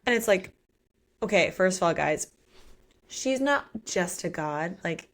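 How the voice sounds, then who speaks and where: A woman's voice: fairly low pitch, unhurried. A woman co-hosting a book podcast, retelling the plot in casual chat and acting out the characters' lines. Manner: animated retelling with acted-out quotes and swearing. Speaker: podcast co-host.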